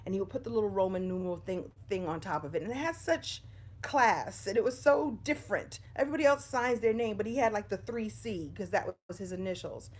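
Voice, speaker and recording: A woman's voice: mid-range voice, fairly quick. A middle-aged woman speaks to her livestream viewers from a room at home, in front of a bookshelf. She talks in a chatty, personal way about life lessons. The sound comes from a simple phone or webcam setup. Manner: warm, chatty, greets viewers by name. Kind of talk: live-streamed inspirational talk.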